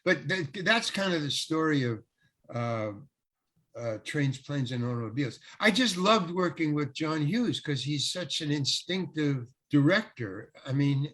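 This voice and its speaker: Older guy with a raspy kinda high voice just rambling thru old showbiz stories, lots of restarts. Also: a bit bright. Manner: rambling, acts out quoted dialogue, frequent restarts. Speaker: guest actor. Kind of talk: casual anecdotal storytelling.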